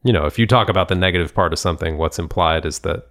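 Man, very deep voice, gravelly fry, casual podcast chat, thoughtful and rambling. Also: rapid-fire, fairly bright tone. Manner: thoughtful, rambling with frequent restarts and laughs. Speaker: podcast co-host. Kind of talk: casual conversation, storytelling.

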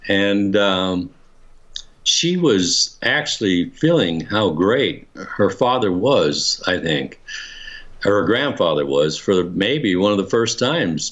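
An older man with a very deep voice tells a personal story in a relaxed, rambling way. He restarts his sentences often and chuckles as he goes. The recording sounds dull and lo-fi. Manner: rambling, many restarts, chuckles while telling. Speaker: interviewee. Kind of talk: casual storytelling.

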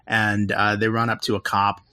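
A man's voice: on the low side, completely flat delivery, normal speed, sharp tone, no echo. A man in casual podcast chat, retelling a film's plot in a loose, rambling way, full of "like" and "um" and his own laughter. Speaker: podcast co-host recapping a film.

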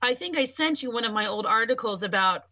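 A woman in a casual podcast conversation speaks in a bright, clear, fairly high voice at a quick pace, animatedly telling her own story and acting out the people she quotes. The sound is close and dry with no room sound.

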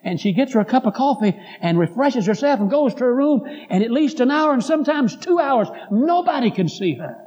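A man's voice: extremely high pitch, big pitch swings, brisk, few pauses, a little mellow, in a large hall, highs cut off, pitched above the performer's own voice. A male preacher voicing a worried grown daughter who complains indignantly about her mother.

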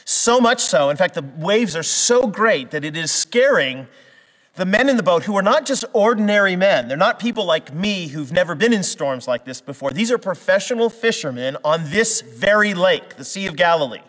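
A man's voice: high voice, animated, moderate pace, fairly bright tone, long reverb tail. A man from western Canada preaching a sermon in a conversational way, with restarts and fillers that build to emphatic peaks. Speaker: pastor.

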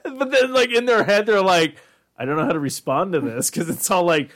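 A man's voice: high-pitched, a little fast. A man co-hosting a podcast, joking crudely and acting out quotes in casual banter. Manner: crude, animated, acts out quotes. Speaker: podcast co-host.

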